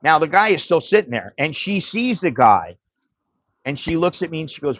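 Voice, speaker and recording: A man's voice: fairly high pitch, sing-song, moderate pace, a bit bright, no room sound. A man hosting a livestream, telling a story in a blunt, profane, casual way. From United States. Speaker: livestream host.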